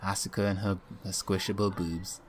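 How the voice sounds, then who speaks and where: A young man with a somewhat low voice co-hosting a casual podcast. He talks in a laid-back, rambling way. He laughs often between thoughts. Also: flat delivery, normal speed, slight background noise. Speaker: podcast co-host.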